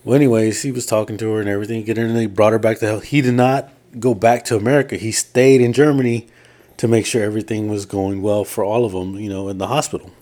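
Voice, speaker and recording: A man's voice: lowish voice, steady tone, quick pace, mellow. A man co-hosting a casual podcast, retelling a story at length and quoting people in his own voice. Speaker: podcast co-host. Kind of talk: casual chat.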